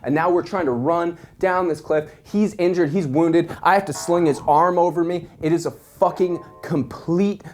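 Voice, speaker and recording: A young man telling a wild story in a casual, animated way, swearing constantly. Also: a little high, moderate pace, hardly any pauses, faint music behind.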